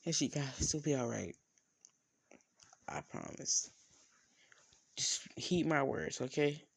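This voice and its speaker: A man voicing a calm young male hero who speaks softly and reassuringly. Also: a little high, takes it slowly, creaky, breathy edge, no echo, exaggerated voice. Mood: comforting.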